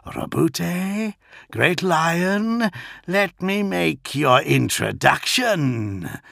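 A man's voice: a little high, animated, very slow, fairly bright tone, no echo, clean studio sound, pitched above the performer's own voice, full character voice. A man voicing a hissing, gloating clawed warlord. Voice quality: hissing, breathy whisper. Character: sinister clawed male warlord, mocking and cruel.

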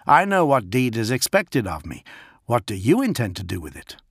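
Tired beaten-down prisoner guy, man doing the voice, resigned, gravelly. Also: medium pitch, wildly swooping pitch, moderate pace, no echo, studio quality, exaggerated voice. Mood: weary. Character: weary cornered male captive.

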